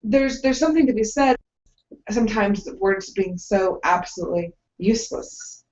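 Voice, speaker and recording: Female co-host, chatty and tangential, medium pitch, roomy and muffled recording. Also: moderate pace, darkish tone. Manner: chatty, tangential, jumps in with asides. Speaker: podcast co-host. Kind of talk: casual discussion. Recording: echoey, dull lo-fi room sound.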